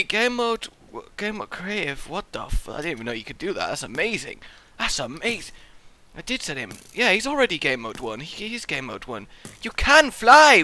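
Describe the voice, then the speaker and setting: Young man, gameplay commentary, high voice, bright and sharp, excitable, rambling, dry close sound. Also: no room sound. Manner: excitable, goofy and rambling, swears freely. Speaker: let's play host.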